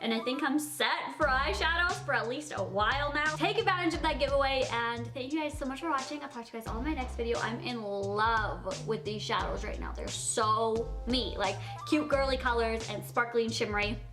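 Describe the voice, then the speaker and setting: Young female beauty vlogger, gushing and giggly, slightly high voice, music playing underneath. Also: fairly quick, few pauses. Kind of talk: casual makeup tutorial chat.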